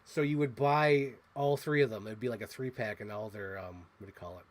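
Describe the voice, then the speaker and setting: A man hosting a casual toy unboxing, chatty and excitable as he gushes over what he shows. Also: on the low side, fairly quick. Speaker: host.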